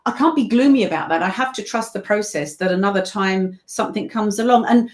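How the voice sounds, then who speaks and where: A British voice-over narrator appears as a guest on a casual video-call interview, speaking briskly in a mid-range voice. She tells long, rambling stories packed with asides.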